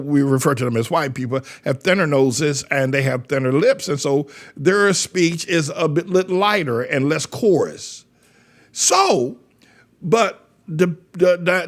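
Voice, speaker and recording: Blunt older male pastor, higher voice. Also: fairly bright tone. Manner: blunt, digressive, repeats words while searching. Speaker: pastor and commentator. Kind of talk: commentary monologue.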